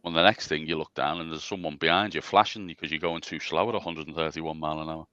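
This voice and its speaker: Guest man, very low voice, dry and muffled sound, rambling casual chat. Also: fairly even intonation, fast talker, pushed and bright, no room sound. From England. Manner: rambling, self-deprecating, stammering restarts. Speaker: special guest.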